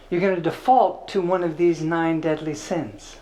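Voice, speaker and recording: A man's voice: a little high, fairly even intonation, moderate pace, warm tone, rough recording. A man teaching an informal spiritual class, conversational and playful, with filler words.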